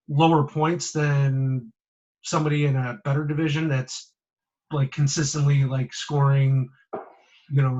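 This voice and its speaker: A man co-hosting a casual fantasy football podcast, hesitating and filling pauses with ums and uhs. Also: medium pitch, dull audio. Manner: hesitant, filler-heavy, trailing off. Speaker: podcast co-host.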